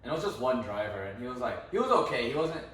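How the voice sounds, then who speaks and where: A man's voice: mid-range voice, sing-song, fast talker, fairly bright tone. A young man co-hosting a podcast, recounting events in a laid-back way full of fillers and slang. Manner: laid-back, filler-heavy, says 'bro' and 'like'. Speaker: podcast co-host. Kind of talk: casual storytelling chat. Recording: echoey room, mic at a distance.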